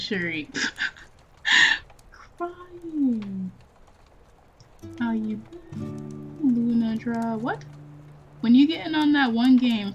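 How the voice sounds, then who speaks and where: A woman's voice: on the high side, fairly bright tone. Chatty young woman streaming with music behind. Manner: chatty, laughing, reads chat aloud. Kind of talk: casual live-stream chat. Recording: dull lo-fi stream audio with faint music.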